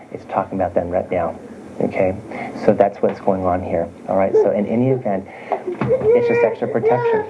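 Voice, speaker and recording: A low-pitched man doing a private spirit reading as a psychic medium. He talks haltingly, restarts his sentences, and keeps checking in with "okay?" after almost every point. The home video recording is dull and lo-fi, with a steady hiss of background noise. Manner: halting, with many fillers and restarts. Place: home room with small children nearby.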